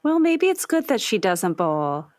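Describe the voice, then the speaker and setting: Lively agreeable female co-host. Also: medium pitch, measured pace, no echo, studio quality. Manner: warm, agreeable, encouraging. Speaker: podcast co-host. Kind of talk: casual chat.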